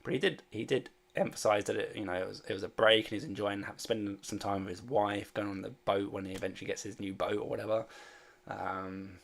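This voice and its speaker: Male streamer, deep and gravelly; loose, hesitant, filler-heavy chat with viewers. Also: a bit bright. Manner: rambling and hesitant, many fillers; reads and answers viewer chat. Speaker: fantasy sports streamer. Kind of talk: casual livestream chat.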